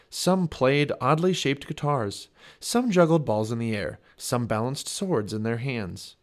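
Man, children's book read-aloud, lively rise and fall, mid pitch, expressive narration. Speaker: family podcast reader.

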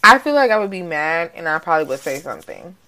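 A woman chatting casually, animated and profane, laughing often and acting out quotes. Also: sits low, fast. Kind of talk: casual chat.

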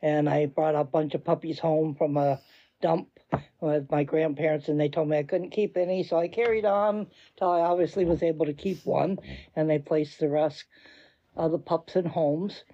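A woman's voice: low-pitched, steady tone, moderate pace, mellow, highs cut off. An older woman, a veteran dog trainer, reminiscing plainly and modestly in an interview.

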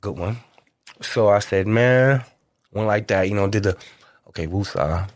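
A middle-aged man, a guest, tells a story at a moderate pace in casual, slangy, profane language. He's animated, acting out quotes with big jumps in pitch, and the recording is dry and clean with studio sound.

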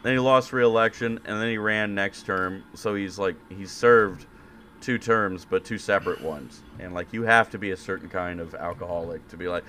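A man's voice: fairly low pitch, moderate pace, a bit bright. A man co-hosting a podcast in casual chat, sarcastic and crude. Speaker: podcast co-host.

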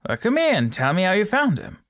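A man voicing a burly police constable who barks brisk orders. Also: a little high, very animated, no room sound, clean studio sound, full character voice. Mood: commanding. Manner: loud, blustering orders.

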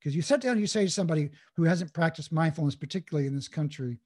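Interview guest, male, husky and fairly high, reflective coach who restarts as he thinks. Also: rapid-fire, darkish tone. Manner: thoughtful, with frequent restarts. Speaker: guest, mindful communication coach. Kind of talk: reflective conversational explanation.

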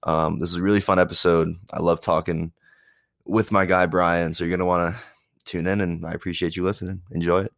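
A young man hosts a casual podcast while sick, his voice hoarse, very deep and gravelly. He rambles a bit, with fillers and restarts. The sound is dry and close. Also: level tone, a little fast, no echo. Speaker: podcast host.

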